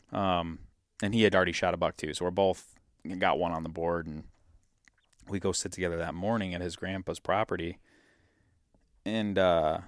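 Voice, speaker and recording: A man from Michigan telling a hunting story in a casual, animated way, acting out what people said. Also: low-pitched, dry recording, studio quality. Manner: animated, acts out quotes in his story. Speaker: podcast guest, hunter.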